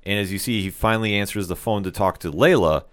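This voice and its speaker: Low-voiced man recapping a TV episode. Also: fast, clean tone. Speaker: podcast co-host. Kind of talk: casual TV recap discussion.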